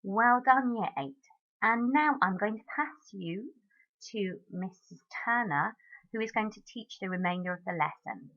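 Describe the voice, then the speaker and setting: A woman teacher goes through a recorded French lesson at an unhurried pace, her pitch rising and falling a lot as she models each word. The audio is dull and lo-fi. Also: animated, a bit bright. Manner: clear instructive teacher voice, models French words.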